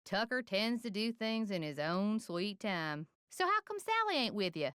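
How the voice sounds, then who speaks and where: A woman's voice: mid-range voice, sing-song, normal speed, a crowd in the background, close to an everyday voice. An actress voicing a folksy, gossipy small-town woman with a Southern US twang in a mystery game. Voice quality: smooth, twangy drawl. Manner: folksy, warning storyteller.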